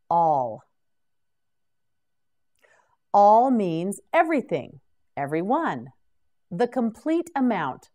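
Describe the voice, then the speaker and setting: Woman, vocabulary teacher, slow scripted drill, clear careful pronunciation, animated intonation. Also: mid-range voice. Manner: clear, deliberate word-by-word pronunciation.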